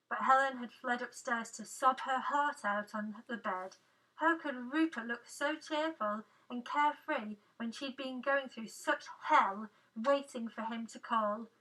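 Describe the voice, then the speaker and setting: A woman reading extracts of a novel aloud with a lively, expressive delivery. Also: on the high side. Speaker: reader. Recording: voice a little distant from the mic.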